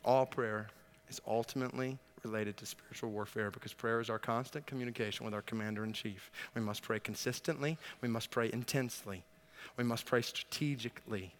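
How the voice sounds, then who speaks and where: A man's voice: medium pitch, steady tone, brisk. Emphatic preacher man in a reverberant hall. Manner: emphatic preaching with rhetorical questions, building to loud exhortation. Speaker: pastor. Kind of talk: sermon. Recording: long reverb of a large hall.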